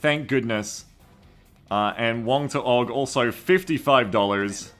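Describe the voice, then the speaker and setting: A man's voice: mid-range voice, measured pace, faint music behind. A man streaming a game and casually thanking subscribers and donors by name. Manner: thanking donors warmly, reading names. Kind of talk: casual live-stream chat.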